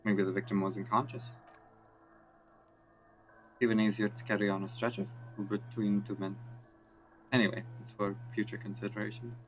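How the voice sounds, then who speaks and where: A man voicing a calm, methodical male police lieutenant in a video game, speaking in a measured, matter-of-fact way. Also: fairly low pitch, a little hiss or hum, lightly acted.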